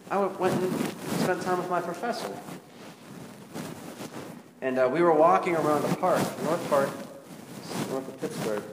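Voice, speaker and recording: A man's voice: on the high side, unhurried, pauses often. A male pastor giving a conversational, confessional sermon and putting rhetorical questions to his congregation. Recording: echoey hall with background noise.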